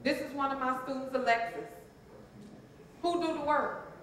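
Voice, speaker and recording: In a very echoey hall, a transformational coach gives a motivational seminar talk to a live audience, prompting them to respond and repeating phrases to drive points home. Her voice is high and a bit bright, and she keeps a moderate pace.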